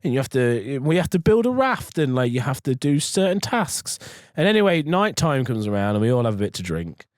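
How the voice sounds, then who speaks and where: A man's voice: mid-range voice, very animated, a little fast, hardly any pauses, dry recording, studio quality. A man, co-hosting a casual podcast and telling rambling, sweary anecdotes full of restarts. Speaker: podcast co-host. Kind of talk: casual storytelling chat.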